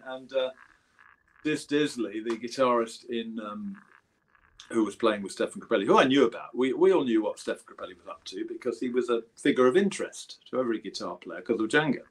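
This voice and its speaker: A man's voice: medium pitch, lively intonation, brisk, slightly rough, rough recording. A man in his seventies with an English accent, a guest musician telling rambling anecdotes and correcting himself as he goes. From England. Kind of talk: casual storytelling interview.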